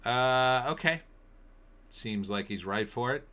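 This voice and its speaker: A man's voice: medium pitch, expressive, slow pace, fairly bright tone. A middle-aged man hosting a casual live-stream, rambling and opinionated as he reacts to entertainment headlines and viewer comments. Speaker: political commentary host.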